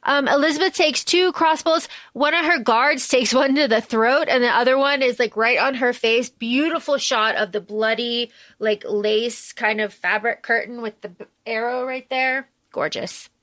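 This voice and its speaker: A woman co-hosting a podcast, retelling a film in an animated, casual way and throwing herself into the characters' lines. Her voice sits high and sounds bright. The recording is dry and close. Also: moderate pace, few pauses, dry recording. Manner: animated, swearing, acts out lines in raised voices. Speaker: podcast co-host recapping a film. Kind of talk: casual chat.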